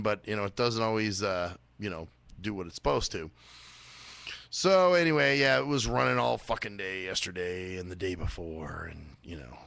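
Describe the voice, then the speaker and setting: Gravelly, profane talk-radio man. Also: a bit bright, no room sound. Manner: rambling, swears a lot, mimics others in high voices. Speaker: radio show host. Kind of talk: casual profane monologue.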